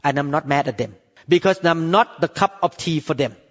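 A man's voice: on the high side, normal speed, big-room sound, dull audio. A man preaching a sermon as pastor in accented, non-native English, emphatic and repetitive, often calling out for an amen from the congregation.

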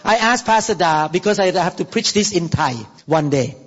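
A man preaching a sermon as pastor, animated and exclaiming, often breaking into laughter. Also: high-pitched, normal speed. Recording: reverberant, dull lo-fi hall recording.

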